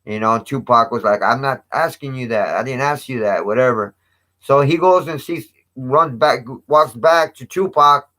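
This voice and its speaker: A man's voice: mid-range voice, normal speed, pushed and bright. A man casually retelling a story in street slang with heavy cursing, raising his voice when quoting others. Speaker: channel host. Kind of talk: casual storytelling to a live chat.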